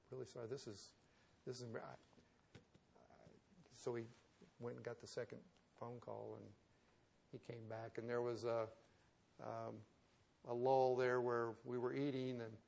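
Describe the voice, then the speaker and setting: Gravelly-voiced male pastor preaching. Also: medium pitch, darkish tone. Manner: conversational storytelling that builds to emphatic preaching. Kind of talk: sermon.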